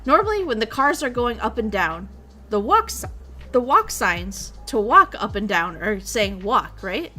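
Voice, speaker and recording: A woman's voice: fairly high pitch, big pitch swings, a little slow, bright, forceful tone, soft background music. A young woman streamer chatting casually, rambling along and swearing freely. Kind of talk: casual chat.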